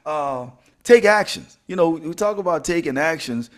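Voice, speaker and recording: A man's voice: a little high, expressive, normal speed. A middle-aged man hosting a motivational podcast, preachy and joking with his listeners. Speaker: podcast host.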